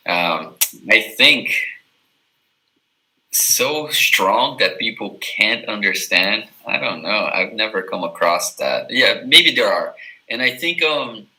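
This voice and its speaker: A man's voice: lowish voice, animated, slow pace, sharp tone, low-quality recording. A man from Miami, a native English tutor, talking loosely in a casual live chat, full of "like" and "you know". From Miami, USA.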